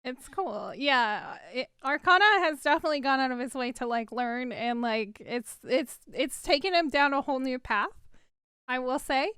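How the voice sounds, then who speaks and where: Bubbly, higher-pitched woman host. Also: expressive, normal speed, a bit bright, clear, resonant tone, dry recording, clean studio sound. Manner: bubbly, playful, laughs a lot. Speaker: interview host. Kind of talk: casual interview.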